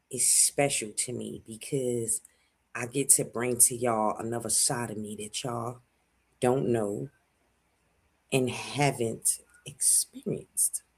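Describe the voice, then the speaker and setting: Husky teary man hosting a livestream. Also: mid-range voice. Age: 40s. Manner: emotional, rambling, heartfelt. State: teary-eyed. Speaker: livestream host. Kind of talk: casual emotional livestream chat.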